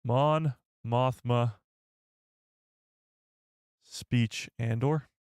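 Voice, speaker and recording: Excitable man reacting on a live stream. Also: mid-range voice, drawn-out words, clean tone, no room sound, studio quality. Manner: excitable, incredulous, talks to chat.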